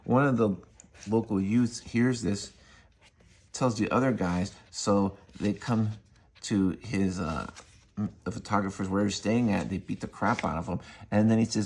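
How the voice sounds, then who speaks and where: Man, low voice, husky, casual comic book review, rambling retelling. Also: fairly even intonation, a little slow, long pauses. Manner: rambling retelling, filler-heavy.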